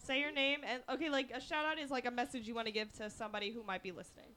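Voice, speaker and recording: Playful high-voiced woman radio co-host. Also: fairly even intonation, very fast, pushed and bright. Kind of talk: casual radio chat with kids.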